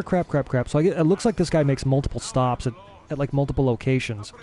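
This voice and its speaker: A young man giving casual let's-play commentary as a gaming streamer, excitable and easily frustrated. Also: medium pitch, fast talker, few pauses. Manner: excitable, frustrated, swears mildly.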